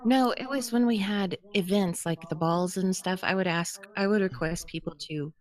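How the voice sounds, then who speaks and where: A woman's voice: medium pitch, moderate pace. A woman on a casual podcast about role-play gaming, making brief, matter-of-fact remarks. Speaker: podcast co-host.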